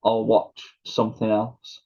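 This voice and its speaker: A man's voice: on the low side, unhurried, creaky, husky. A man co-hosting a casual podcast, retelling a comedy bit with lots of laughter and acted-out quotes. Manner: animated storyteller, laughing, acting out quotes. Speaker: podcast co-host. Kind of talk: casual chat. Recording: dull lo-fi sound.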